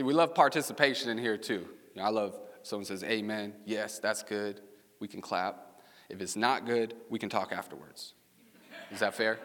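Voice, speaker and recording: A man's voice: medium pitch, bright, forceful tone. A man preaching a casual, chatty sermon, telling stories and asking the congregation questions. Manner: storytelling, chatty, asks the audience questions. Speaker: pastor. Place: church sanctuary with congregation. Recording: long reverb of a large hall.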